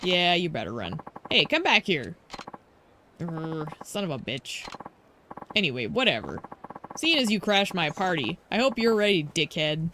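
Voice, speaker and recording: A woman's voice: on the low side, very animated, a little slow, sharp tone, a little hiss or hum, heavily acted. A woman reading the lines of a cocky male street thug who calls himself a killer, taunting and swaggering. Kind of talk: reading game dialogue aloud.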